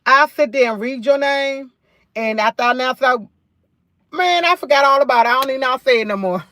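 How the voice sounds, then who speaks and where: A woman's voice: high-pitched, fast, bright, forceful tone, no room sound, studio quality. Chatty New woman livestreaming. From New York. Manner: chatty, repeats phrases, rambling storytelling. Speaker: livestream host. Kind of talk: casual live chat.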